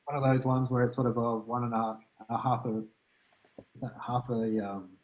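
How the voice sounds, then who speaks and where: A man's voice: mid-range voice, level tone, normal speed, lo-fi sound. A man taking an online music lesson, explaining hesitantly and searching for the right terms. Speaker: music student.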